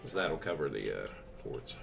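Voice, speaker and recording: A man's voice: a bass voice, very animated, normal speed, creaky, a bit bright, soft background music. A man muttering to himself while fiddling with computer hardware. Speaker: club member working on hardware.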